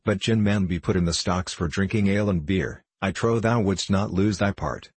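A man's voice: sits low, moderate pace, slightly rough, no room sound. A man voicing a blustering boastful tinker. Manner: old-fashioned archaic speech, blustering. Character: boastful brash male tinker, adult, quick-tempered.

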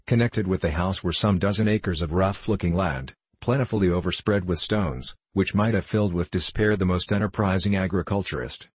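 Deep husky male audiobook narrator, formal and steady, dry close mic. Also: dry recording. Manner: measured, formal storytelling. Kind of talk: scripted narration.

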